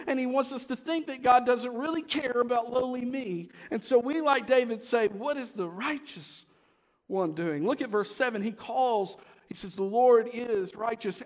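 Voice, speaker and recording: High-voiced man preaching in a reverberant hall. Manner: emphatic preaching, rising and dropping to a hush. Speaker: pastor. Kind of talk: sermon. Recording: dull sound with long hall reverb.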